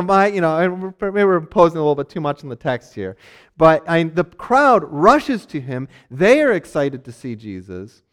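A man with a notably high voice gives a sermon in a loose, conversational way. He explains a Bible passage and briefly acts out the people in it, with plenty of casual fillers. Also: clean tone. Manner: conversational, acts out characters in quick asides; frequent fillers and restarts, laughs lightly. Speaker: preacher.

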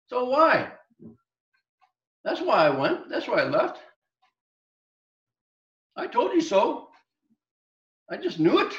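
A man's voice: sits high, animated, a little slow, a bit bright, reverberant, dull audio, pitched above the performer's own voice. A man voicing the prophet Jonah as a sulky, exasperated grown man who protests and pleads with God. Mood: indignant.

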